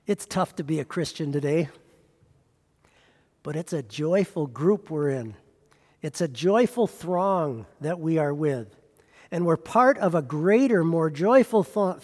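A man's voice: on the high side, darkish tone, in a large hall. A man preaching a sermon as pastor, pressing with rhetorical questions.

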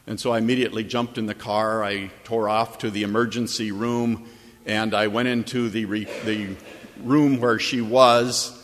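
A man's voice: on the low side, steady tone, normal speed, long reverb tail, slight background noise. A man preaching a sermon as pastor, telling a story earnestly and building to emphatic, repeated points. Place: church or chapel.

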